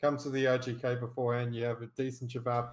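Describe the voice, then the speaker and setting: A man's voice: medium pitch, completely flat delivery, quick pace. Dry, sarcastic man co-hosting. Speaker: podcast co-host. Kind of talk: casual chat.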